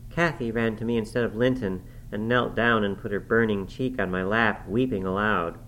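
Audiobook narrator: man, low voice, measured formal reading, faint hiss. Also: steady tone, fairly bright tone, poor audio. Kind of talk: scripted narration of a classic novel.

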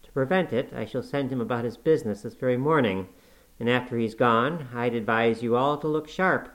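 A man voicing a harsh young master of the house, speaking gruffly and scornfully. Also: medium pitch, a little fast, fairly bright tone, lightly acted, rough recording. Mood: stern.

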